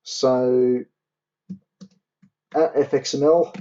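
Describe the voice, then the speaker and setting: Typing code live, a young man tutoring a university programming class explains each line and slows down whenever he spells out syntax. His tone is mellow, dark and medium in pitch, with fairly even intonation. Behind him, keys clatter and clicks sound on a dull, lo-fi track.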